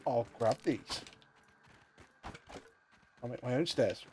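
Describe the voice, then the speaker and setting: With faint music behind him, this man talks slowly in a medium-pitched, darkish voice. It's a casual gaming livestream: he jokes with friends and mutters to himself during play.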